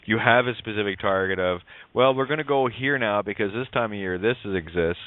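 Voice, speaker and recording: Brisk and medium-pitched, a radio show host talks through ideas at length on a call-in program, his rambling explanations driven by wordplay. The recording is dry, coming through a tinny, phone-like line.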